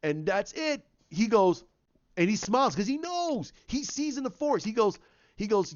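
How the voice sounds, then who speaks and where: A man giving a casual spoken movie review, excited and rambling, restarting and repeating his words. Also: high-pitched, normal speed, highs cut off. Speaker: film reviewer.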